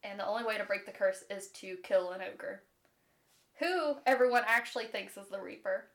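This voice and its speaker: A young woman co-hosting a podcast talks casually and animatedly about a book, swearing freely and mimicking characters in quick asides. Her mid-range voice is gravelly and a bit bright.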